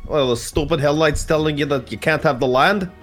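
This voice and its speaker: A man's voice: fairly high pitch, brisk, soft background music, lightly acted. Man doing a hearty Scottish farmer dad. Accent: Scottish, drifting Russian. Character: gruff older Scottish farmer father with a shovel.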